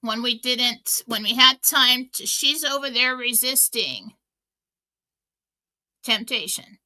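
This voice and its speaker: Bright-voiced woman radio host. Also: on the high side, expressive, slow. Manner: chatty storytelling with many fillers and restarts. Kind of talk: casual inspirational talk.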